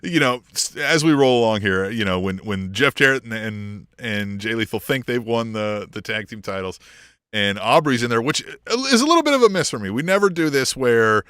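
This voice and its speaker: Animated man in a casual wrestling podcast chat. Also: medium pitch, moderate pace, clean tone, no room sound, clean studio sound. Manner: profane, laughing, acts out quoted voices. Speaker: podcast co-host.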